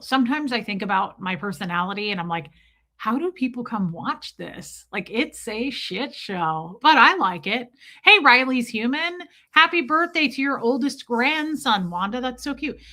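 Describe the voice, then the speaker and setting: A woman's voice: fairly high pitch, pushed and bright. A woman hosting a casual live stream, greeting viewers by name, self-mocking and laughing often. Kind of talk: casual live chat reading viewer comments.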